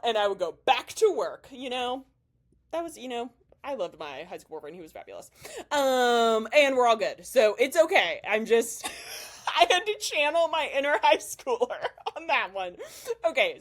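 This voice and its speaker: A young woman hosting her own video blog, talking casually with frequent laughs and an openly emotional, chatty manner. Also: mid-range voice. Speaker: bodybuilding vlogger. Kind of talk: casual talking-head commentary.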